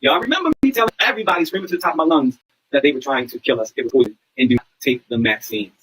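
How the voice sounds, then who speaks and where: A man's voice: medium pitch, racing, fairly bright tone, breathy edge, poor audio. A man hosting a livestream monologue, preaching in a repetitive way and often asking listeners whether they understand. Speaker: livestream host.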